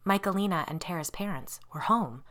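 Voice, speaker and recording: A woman narrating a scary children's story in an expressive storytelling style. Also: on the low side, a little fast.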